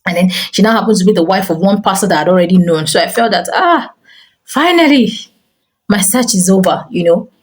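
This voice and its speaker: Lowish in pitch and talking fast with few pauses, a middle-aged teacher who owns a school shares a personal story on camera while offering parenting advice. She narrates animatedly, peppering her speech with "you know," in a low-quality recording.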